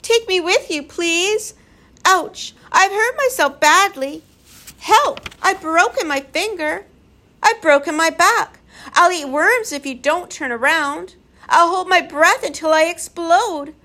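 Spiteful swamp creatures, high and shrill, jeering like brats; a woman reader voices them. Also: sing-song, normal speed, few pauses, a bit bright. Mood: whining pleas. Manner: jeering, whining, wheedling.

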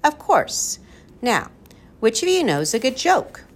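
A woman voicing a jolly, excitable old male professor who booms and laughs at his own jokes. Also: slow, a little hiss or hum. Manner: hearty, booming, laughing.

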